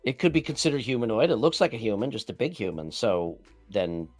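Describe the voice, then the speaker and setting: A man's voice: lowish voice, very animated, fairly quick, no room sound, faint music behind. A man co-hosting a casual podcast, arguing his points, teasing and swearing freely. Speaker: podcast co-host. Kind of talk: casual chat about tabletop games.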